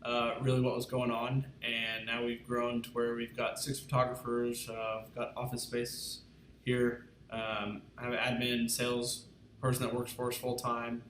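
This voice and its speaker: A man who owns a small business, giving a relaxed, casual client testimonial with frequent filler pauses. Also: mid-range voice. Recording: echoey room with faint noise.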